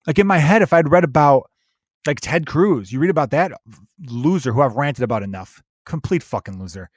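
A man hosting his own podcast, ranting in a profane, animated, conversational way. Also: on the high side, fairly quick, dry recording, studio quality. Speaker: podcast host, comedian. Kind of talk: solo podcast rant.

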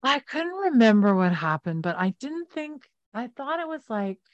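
A woman co-hosting a podcast in casual recap chat, animatedly retelling scenes with quick asides. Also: on the high side, very animated, no room sound, muffled recording. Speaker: podcast co-host.

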